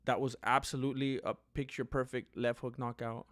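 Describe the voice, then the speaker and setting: A man giving casual live fight commentary as a streamer, chatty and animated, with many fillers and asides. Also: mid-range voice, fairly quick.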